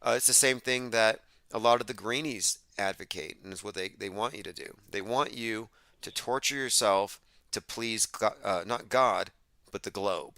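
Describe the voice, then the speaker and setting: Sardonic man with a bright, dry voice. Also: on the low side, normal speed, no echo. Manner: sardonic, lecturing, talks over his guest. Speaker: radio show host. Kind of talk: casual call-in radio talk.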